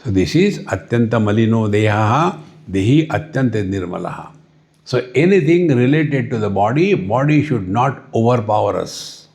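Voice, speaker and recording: A man with an Indian English accent giving a spiritual discourse at a retreat, unhurried, often asking "See?" and chanting Sanskrit verses. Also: on the low side, lively intonation, creaky, darkish tone. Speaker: spiritual teacher. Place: retreat hall.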